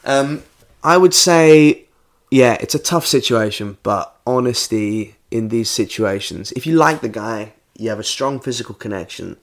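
A man's voice: medium pitch, expressive. A man co-hosting a comedy podcast, rambling through funny anecdotes in casual chat. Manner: rambling anecdotes, quick jokes. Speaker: podcast co-host.

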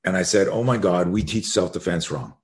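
A self-defense coach, a man, telling a story as a podcast guest, frank and animated, acting out the dialogue as he goes. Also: low-pitched, fairly quick. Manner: animated, re-enacts dialogue in vivid bursts; frank and profane.

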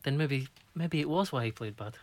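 A former footballer giving his views in a casual podcast chat, measured and reflective. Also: medium pitch, no echo.

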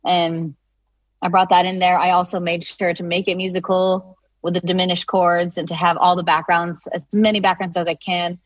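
Lively woman telling a story, lo-fi. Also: lowish voice, normal speed, no room sound. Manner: animated, lots of fillers, acts out quotes. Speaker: singer-songwriter guest. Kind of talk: casual storytelling chat.

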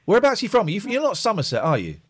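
A middle-aged man hosting a call-in live stream, chatting casually and teasing callers with deadpan jokes. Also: rapid-fire, breathy edge. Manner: teasing, deadpan jokes, lively swings in pitch. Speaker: live stream host taking phone calls. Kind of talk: casual joking chat with callers.

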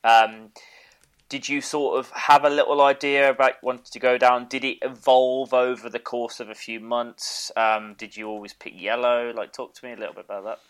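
Smooth-voiced podcast host. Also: male voice, mid-range voice, flat delivery, normal speed, fairly bright tone. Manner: agreeable, encouraging interviewer. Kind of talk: casual podcast interview.

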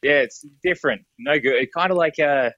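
A man talking casually from an airport, relaxed and laughing, with many hesitations. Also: on the high side, fairly quick, no echo, dull audio. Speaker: podcast co-host. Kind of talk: casual podcast chat.

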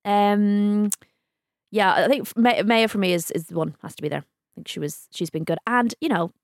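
A woman's voice: medium pitch, moderate pace, no room sound, clean studio sound. A woman co-hosting a football podcast, chatty, enthusiastic and teasing. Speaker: podcast co-host. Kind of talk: casual football chat.

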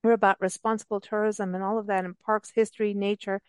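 A woman hosting a radio interview, talking in an enthusiastic, rambling, chatty way with quick laughs. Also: mid-range voice, flat delivery, clear, resonant tone, no room sound. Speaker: radio show host. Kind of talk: casual interview chat. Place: travel and parks radio show.

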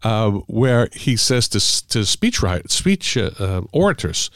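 A man, middle-aged or older, an author telling stories about the craft of writing in a casual, halting way with many fillers. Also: fairly low pitch, sing-song, a bit bright, dry recording, clean studio sound. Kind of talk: casual conversational storytelling.

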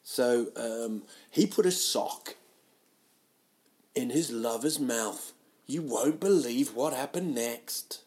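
A man rambling through a comic monologue, mocking himself and jumping into loud, silly voices. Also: on the low side. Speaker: comedian doing a solo audio show.

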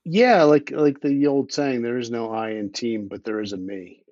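A man's voice: mid-range voice, normal speed, a little mellow, no room sound. A blunt, opinionated man talks as a guest on a podcast, often restarting his sentences and swearing now and then. He has the hiccups. His voice comes through dry and a little dull, as from a remote recording. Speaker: podcast guest, underwater explorer. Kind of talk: casual conversational interview.

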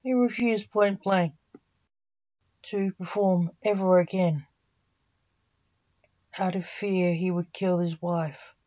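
A woman narrates a story at an unhurried, slow pace, her voice low and mellow. She keeps an even storytelling manner throughout, and the recording sounds dull and lo-fi.

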